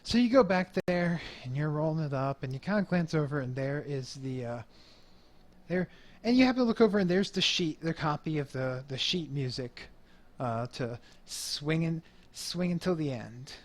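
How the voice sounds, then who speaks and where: A man running a tabletop game with a slightly high voice. He narrates loosely, circling back and restarting as he describes the scene. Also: expressive, normal speed. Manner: rambling, many fillers and restarts. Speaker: game master.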